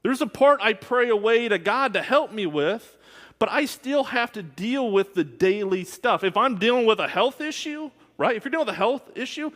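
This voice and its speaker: Candid preaching man, lively voice. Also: high voice, moderate pace. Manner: candid, conversational preaching with asides. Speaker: minister. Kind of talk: sermon. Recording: long hall reverb.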